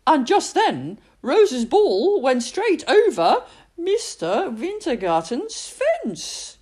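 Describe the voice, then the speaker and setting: A woman reading a picture book aloud, expressive, with dramatic pauses. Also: high-pitched. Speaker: storyteller.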